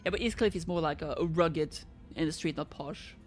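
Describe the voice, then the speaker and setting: A woman streamer with a low voice reads game dialogue aloud at a brisk pace during a casual playthrough, joking that she can't do accents. Faint music plays behind her.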